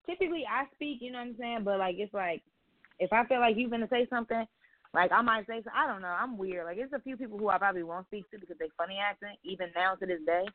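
A woman's voice: medium pitch, quick pace. A woman co-hosting a podcast, telling stories in a blunt, profane, casual way. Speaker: podcast co-host. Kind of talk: casual chat. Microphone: phone call. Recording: tinny phone-line sound.

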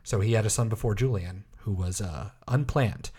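Man chatting wryly, a bit low. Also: normal speed, a little mellow, slightly rough. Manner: rambling, wry and offhand, with many fillers. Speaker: podcast co-host. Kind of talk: casual chat.

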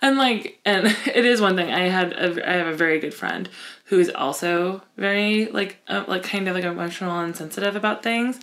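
A woman co-hosting a podcast in casual chat, animated and laughing easily as she acts out what she would say. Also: fairly low pitch, moderate pace. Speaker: podcast co-host.

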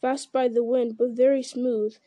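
A woman reading aloud plays an eager young hobbit full of questions. Her voice is slightly high and very mellow, recorded close and dry. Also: little pitch movement, unhurried, no echo, natural voice. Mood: curious. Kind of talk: reading a fantasy novel aloud.

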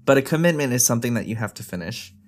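A man's voice: medium pitch, lively intonation, racing. A man co-hosting a casual chat, talking earnestly and laughing easily. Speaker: podcast co-host.

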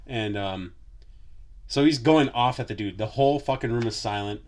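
A man's voice: lowish voice, fairly even intonation, fast. Profane, rambling man telling a story. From Wisconsin. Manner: profane, rambling, lots of filler words. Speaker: podcast host. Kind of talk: casual storytelling chat.

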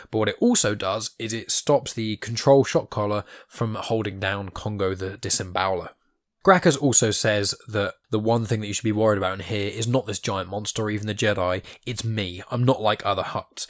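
A man's voice: on the low side, dry recording, studio quality. A man casually retelling a comic story as a podcast host, chatty, often laughing and loosely paraphrasing what the characters say. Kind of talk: casual recap.

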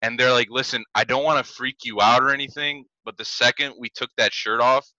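A man's voice: medium pitch, steady tone, a little fast, bright, forceful tone, no room sound. A man in his twenties telling a story on a casual podcast, rambling and packed with "like" and swearing. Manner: rambling, heavy "like" fillers, swears. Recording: dull dry lo-fi mic.

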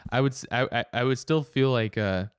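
A man's voice: medium pitch, brisk, clean tone, no room sound. Hesitant young man, dry close sound. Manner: hesitant, filler-heavy, thinking aloud. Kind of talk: casual film chat.

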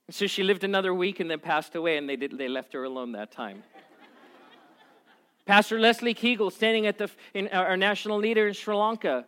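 A man preaching as a pastor, moving from quiet prayer to lively, animated storytelling. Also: sits high, brisk, clear, resonant tone. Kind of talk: sermon.

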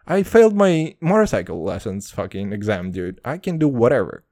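Brash, profane young podcast host. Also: male voice, medium pitch, big pitch swings, normal speed, warm tone, dry recording, studio quality. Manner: profane, brash, self-mocking, calls listeners boys. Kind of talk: casual comedic monologue.

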